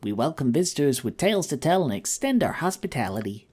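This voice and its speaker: A man reading game dialogue aloud, voicing a hospitable but wary halfling village woman in a soft put-on female voice. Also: a little high, big pitch swings, fast, slightly rough. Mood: welcoming.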